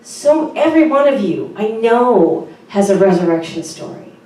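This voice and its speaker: A woman's voice: medium pitch, very animated, moderate pace, recorded from a distance. Woman pastor preaching in an echoey room. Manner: earnest, conversational, with soft fillers. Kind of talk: sermon. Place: church sanctuary.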